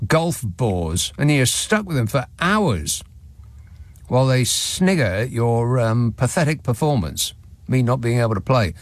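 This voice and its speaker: Unhurried and lively in intonation, a mid-range male voice reads listener messages on a radio phone-in show. He's dry and sardonic, letting out wry chuckles. The recording from the radio studio's microphone has no room sound.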